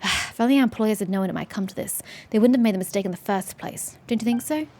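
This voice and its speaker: A woman's voice: mid-range voice, fast, darkish tone, lightly acted. A woman voicing a proud, hardworking male dock laborer in a game, boastful about his crew.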